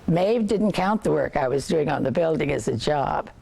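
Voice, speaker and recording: An older woman reads a novel aloud in a low, gravelly voice. Her pitch rises and falls freely as she goes, measured and unhurried, stumbling now and then and starting a word again. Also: expressive, mellow. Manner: measured reading with occasional slips and restarts. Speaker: reader.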